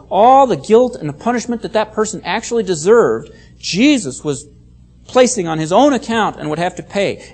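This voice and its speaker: Lively, emphatic preacher giving a sermon. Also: mid-range voice. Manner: emphatic, repeats key phrases; explains Bible words and reads scripture aloud. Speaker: pastor.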